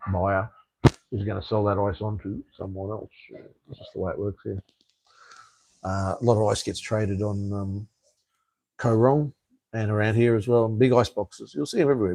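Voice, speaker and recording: A man's voice: fairly low pitch, warm tone, no echo. A middle-aged Australian man who hosts a casual live stream and rambles bluntly, swearing freely and often restarting his sentences.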